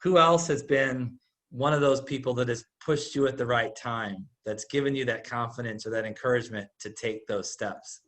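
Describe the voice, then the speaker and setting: A man's voice: mid-range voice, normal speed, fairly bright tone. Male host, mid-range voice, reflective, rambling questions. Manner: reflective, asks long questions with filler words. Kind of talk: casual interview.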